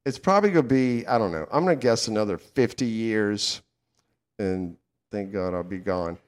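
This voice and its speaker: A middle-aged man with a Southern American accent, co-hosting a casual talk show, animated and fond of swearing and laughing. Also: on the low side, moderate pace. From southern United States. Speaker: podcast co-host. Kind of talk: casual chat.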